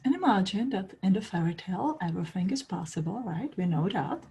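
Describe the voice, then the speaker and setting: Soft-spoken, breathy woman teacher. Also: medium pitch, lively intonation, brisk, hardly any pauses, low-quality recording. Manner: soft-spoken, storytelling, non-native grammar. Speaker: spiritual teacher. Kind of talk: spiritual talk.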